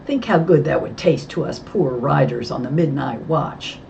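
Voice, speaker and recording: Storybook role: a coaxing young cowboy with a soft drawl, read by a woman. Dull, hissy recording. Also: very deep voice, animated, moderate pace, gravelly, full character voice.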